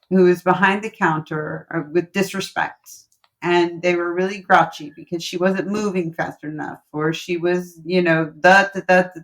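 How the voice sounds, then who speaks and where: A woman with a somewhat low voice speaks as a podcast guest. She talks in a casual, heartfelt way. She often repeats words to stress a point. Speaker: guest, relationship coach. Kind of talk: casual interview chat, storytelling.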